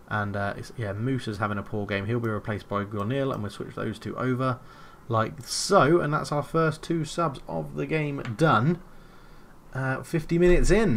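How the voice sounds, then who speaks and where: A man giving casual, excitable play-by-play commentary while playing a football management game, thinking aloud between plays. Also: medium pitch, slight background noise. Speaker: video game player.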